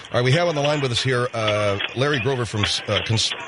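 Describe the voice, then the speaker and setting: A man's voice: mid-range voice, quick pace. A male radio talk show host in a comedy call-in show who speaks in a wry, skeptical way. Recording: hissy broadcast recording.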